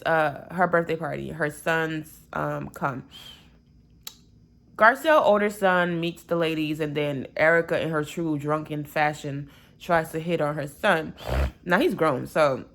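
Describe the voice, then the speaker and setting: Young woman, lowish voice, casual gossipy recap vlogger with sarcastic asides. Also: a bit bright. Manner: chatty and gossipy, quick asides and sarcastic quips.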